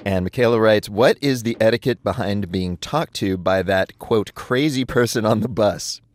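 A man co-hosting a radio show, tossing in quick quips and deadpan asides. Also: lowish voice, dry recording. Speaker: co-host.

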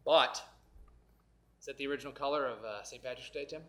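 A man hosting a comedy podcast, goofy and excitable, hopping from joke to joke. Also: medium pitch, a little fast, slight background noise. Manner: goofy, excitable, jumps between jokes. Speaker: podcast host. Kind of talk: casual comedic chat.

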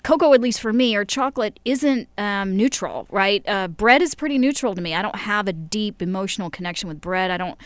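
A woman talks with bright enthusiasm, explaining in a lively, detailed way. Her voice is mid-pitched. The studio sound is dry and close. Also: fairly quick, hardly any pauses, no echo. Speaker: chocolate podcast host. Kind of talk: casual radio conversation.

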